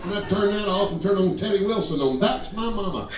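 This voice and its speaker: Heavy background noise, guitar, and audience laughter surround a man in his 50s doing profane crowd-work stand-up at a comedy club. His voice sits high and sounds animated and brisk as he teases people and tells drawling stories, recorded from a distance with roomy club acoustics.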